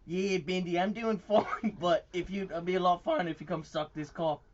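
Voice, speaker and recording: A man playing a crude young woman zookeeper, loud and vulgar. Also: high voice, steady tone, moderate pace, dull audio, very noisy, close to an everyday voice.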